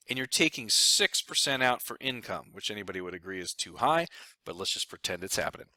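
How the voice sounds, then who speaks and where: A man's voice: fairly low pitch, dry recording. A man presenting a casual finance explainer, joking and talking to himself as he draws on screen. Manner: joking, animated, talks to himself while drawing. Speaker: financial advisor presenting a video.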